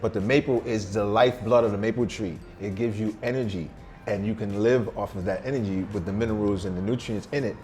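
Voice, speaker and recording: A man's voice: lowish voice, steady tone, fairly quick, darkish tone. A man in his forties or older, a vegan chef, talking casually and boastfully in loose street slang during an interview over a meal in a restaurant. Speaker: vegan chef and weight loss guest.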